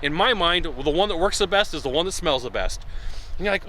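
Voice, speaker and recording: A man giving casual to-camera sales advice, acting out buyers' lines in an animated way, recorded outdoors. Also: on the high side, a little fast, a little hiss or hum. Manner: animated, acts out buyer dialogue. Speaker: sales consultant.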